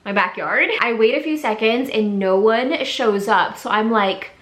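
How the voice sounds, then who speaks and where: A young woman vlogger tells a story in a chatty, animated way, full of fillers. Her voice sits a little high. It echoes around the room she records in. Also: unhurried. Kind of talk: casual storytime.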